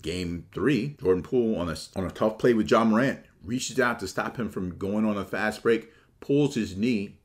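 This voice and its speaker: A man giving a casual, opinionated sports monologue, shifting between relaxed talk and animated, mocking quotes. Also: on the low side, moderate pace, hardly any pauses. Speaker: sports commentator.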